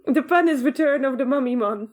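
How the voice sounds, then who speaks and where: A woman's voice: high voice, fairly quick. A woman co-hosting a podcast in casual chat, chatty and laughing at her own jokes. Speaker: podcast co-host.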